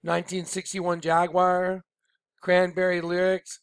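Gravelly-voiced man giving emphatic commentary. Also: on the high side, measured pace, dry recording, clean studio sound. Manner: emphatic, rambling, repeats himself. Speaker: online video presenter. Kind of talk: casual commentary over on-screen images.

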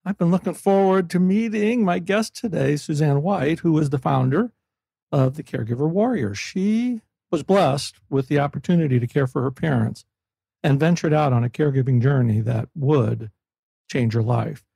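A male podcast host, chatty and upbeat, who laughs easily. His voice is gravelly and husky, with a mellow, darker tone. The sound is dry and close. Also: a little high, animated, moderate pace, no echo. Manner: chatty and enthusiastic, laughs often. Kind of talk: casual podcast interview. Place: Florida.

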